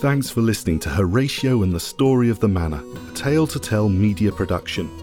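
Male podcast storyteller, expressive and measured, lively melody. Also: lowish voice, over music. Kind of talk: scripted audiobook narration.

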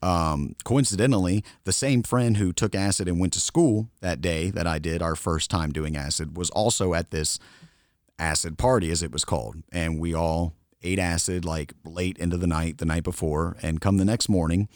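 A man with a very low voice tells a story casually on a podcast, laughing often as he goes. The recording is dry and close. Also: normal speed, dry recording. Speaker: podcast co-host.

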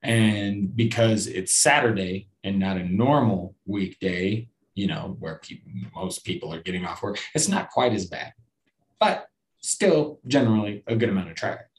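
A man's voice: fairly low pitch, expressive, moderate pace. Rambling, cursing podcast man. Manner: rambling, profane and self-deprecating, with frequent restarts. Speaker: podcast host. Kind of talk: casual solo podcast chat.

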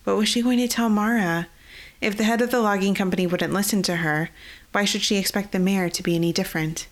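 A woman author reading her own fantasy story aloud in a steady scripted narration and hosting the podcast. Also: medium pitch, fast talker.

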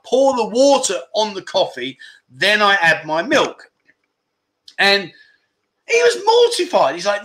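Bright-voiced man, a bit high-pitched, casual joking livestream host chatting with viewers. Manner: jokey, chatty, asks viewers questions. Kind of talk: casual livestream chat, reading viewer comments. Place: home in Thailand.

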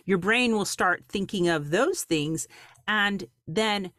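A woman's voice: mid-range voice, slow, fairly bright tone, no room sound, clean studio sound. A woman hosting a faith-based talk show, speaking earnestly and often restarting her words.

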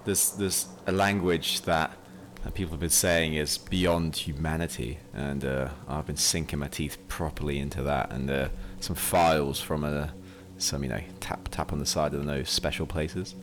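A man's voice: a bass voice, fairly even intonation, moderate pace, hardly any pauses, a little hiss or hum. A man playing a tabletop game, rambling enthusiastically in casual chat. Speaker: player.

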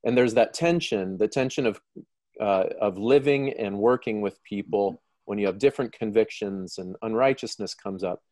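A man hosting a live Christian broadcast, asking a guest measured questions and using many fillers. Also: on the low side, darkish tone, no echo, studio quality. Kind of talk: interview questions.

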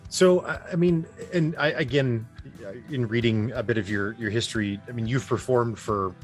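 A man's voice: mid-range voice, normal speed, soft background music. A man hosting a podcast interview, asking rambling, hesitant questions and laughing easily. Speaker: podcast host. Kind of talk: casual interview.

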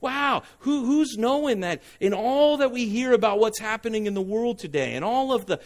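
Animated preacher, fairly high voice. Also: male voice, brisk. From Southern California. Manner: animated, asks the congregation for responses. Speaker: pastor. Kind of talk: sermon.

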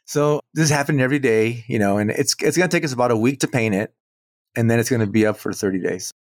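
A man, a muralist guest on an interview show, telling a story in an animated way and acting out the quoted dialogue. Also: mid-range voice, fast talker, no echo, studio quality. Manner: animated, acts out quoted dialogue, chuckles between points.

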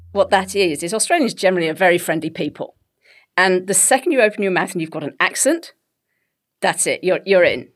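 Middle-aged English woman, animated storyteller. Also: on the low side. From England. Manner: animated storytelling, laughs often. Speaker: guest. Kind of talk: conversational interview.

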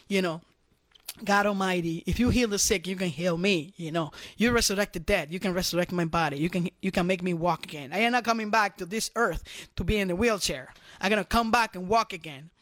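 A middle-aged man with a high voice talks fairly quickly as a guest on a faith program, sharing his personal testimony through animated, repetitive storytelling. The recording has no echo.

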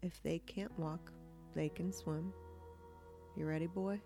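A woman reading the lines of a gruff but kindly old grandfather in a slow, soft folksy drawl. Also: lowish voice, steady tone, soft background music.

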